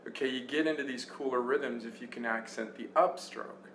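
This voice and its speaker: A man's voice: mid-range voice, brisk, slight background noise. A man giving a casual guitar lesson, counting beats aloud as he plays along on his own guitar. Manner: relaxed, talks while playing, counts beats aloud. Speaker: guitar teacher. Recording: roomy sound with loud guitar. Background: his own guitar playing.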